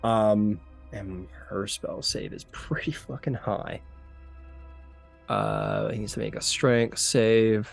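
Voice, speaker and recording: A man's voice: on the low side, slow pace, creaky, faint music behind. A man narrating a tabletop game as game master, casual and rambling with many fillers.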